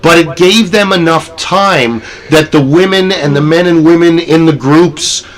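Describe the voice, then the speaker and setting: A man telling haunted house stories in a casual podcast chat, lively, often jumping into loud acted character voices. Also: on the high side, measured pace, low-quality recording. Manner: animated, acts out scenes with sudden loud character voices.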